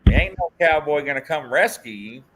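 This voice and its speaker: A man's voice: on the high side, lively intonation, moderate pace, a bit bright, breathy edge. A man hosting a podcast, joking, teasing and laughing as he reads viewer comments aloud. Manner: playful, teasing, laughs often, swoops up and down. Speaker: host.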